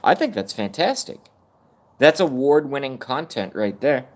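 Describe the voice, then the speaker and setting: A man's voice: mid-range voice, big pitch swings, moderate pace. A man in his thirties ranting on a live stream, rambling and self-mocking, swearing often. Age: 30s. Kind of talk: casual rant on a live stream.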